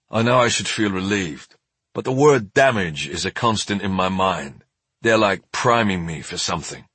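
A man's voice: lowish voice, animated, normal speed, a bit bright, breathy edge, no echo. A man narrating a story in the first person, tense and earnest. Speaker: audiobook narrator.

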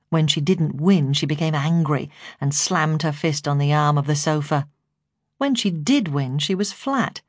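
A woman who is a foster carer narrating her memoir as an audiobook, in a steady, measured way. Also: low voice, no echo, studio quality.

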